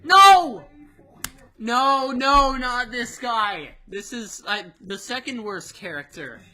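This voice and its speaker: Woman reviewer, bright voice, unhurried and sarcastic, over light music. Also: on the high side, animated. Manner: sarcastic, laughing. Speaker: reviewer reacting to a video. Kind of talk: casual commentary.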